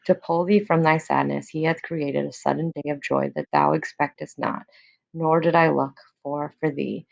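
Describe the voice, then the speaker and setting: A woman's voice: low voice, fairly even intonation, moderate pace, gravelly, no room sound, poor audio. A woman reading aloud the lines of a scheming noble mother in a plain voice.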